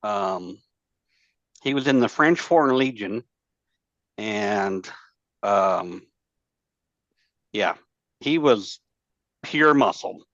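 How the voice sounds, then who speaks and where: A man's voice: lowish voice, expressive, extremely slow, pauses often, fairly bright tone, dry recording. Profane rambling man, dull dry audio. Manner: rambling, profane, many fillers and restarts. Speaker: podcast guest, former Marine. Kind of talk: casual storytelling chat.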